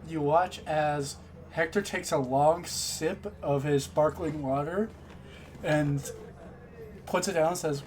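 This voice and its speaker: A man's voice: on the high side, takes it slowly, a little mellow, a little hiss or hum. A man narrating as game master in a loose, rambling, self-correcting way.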